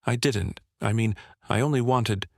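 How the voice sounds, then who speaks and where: A man's voice: on the low side, measured pace, gravelly, no echo, clean studio sound. Man reading a nervous, guilty woman. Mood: anxious. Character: nervous middle-aged woman hiding a crime.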